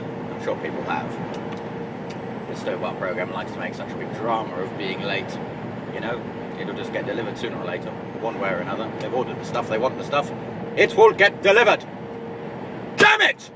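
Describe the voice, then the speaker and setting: A man with an English accent, a truck driver vlogging from his cab, dry and sarcastic, grumbling to himself as he drives. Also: medium pitch. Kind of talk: casual driving vlog. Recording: loud engine and road noise. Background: truck engine and traffic.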